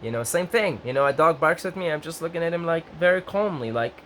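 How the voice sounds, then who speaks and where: Rambling, excitable young man vlogger. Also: quick pace, slight background noise. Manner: rambling, self-interrupting, lively pitch jumps when excited. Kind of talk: casual talk to camera.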